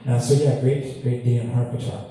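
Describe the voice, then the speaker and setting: A man from Canada, a guitarist, tells self-deprecating stories from the stage with an easy, laughing delivery. His voice is dark and mellow. The sound carries a long, echoey hall reverb and is caught from a distance. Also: medium pitch, level tone, fairly quick. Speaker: guitarist telling stories between songs. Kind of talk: on-stage storytelling banter. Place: large hall with audience. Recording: echoey hall, distant mic, faint ambience.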